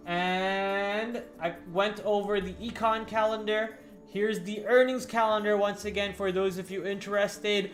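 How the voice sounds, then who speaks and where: A man hosting a stock trading livestream, chatting casually to his viewers and slowly dictating notes on trades as he types. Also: high voice, fairly even intonation, a bit bright. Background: faint background music.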